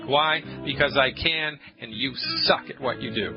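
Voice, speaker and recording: This naturopath radio host speaks in a mid-range voice at normal speed, barely pausing, with faint music underneath. The call-in health show sounds dull and lo-fi, and he is emphatic and joking, launching into rants full of mock-angry quoted voices.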